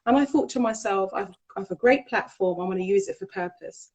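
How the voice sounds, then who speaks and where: A woman from Jamaica hosts a casual interview show. Her voice sits at a middle pitch, and she draws her guest out with encouraging questions. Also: brisk, darkish tone, poor audio. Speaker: talk show host.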